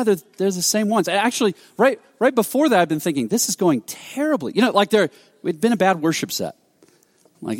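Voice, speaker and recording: A pastor with a high voice preaches a sermon, animatedly telling a story and acting out the quoted dialogue, often restarting his sentences. His voice trails off into a long reverb tail.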